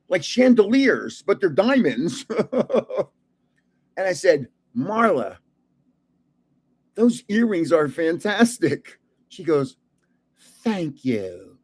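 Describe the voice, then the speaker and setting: A man's voice: high voice, a little mellow. An older man, a card channel host, tells rambling celebrity stories in casual chat and laughs often. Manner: chuckling, rambling anecdotes.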